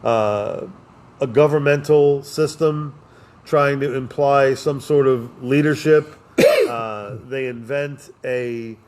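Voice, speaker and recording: A man's voice: medium pitch, fairly even intonation, takes it slowly, darkish tone. Rambling, philosophical male podcast host. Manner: philosophical, joking, with many fillers. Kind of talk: casual rambling talk.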